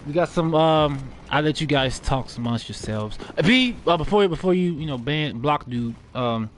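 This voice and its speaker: A man's voice: fairly high pitch, animated, normal speed, a little hiss or hum. A man doing live gameplay commentary, trash-talking and cursing at enemies while he plays. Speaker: gaming streamer.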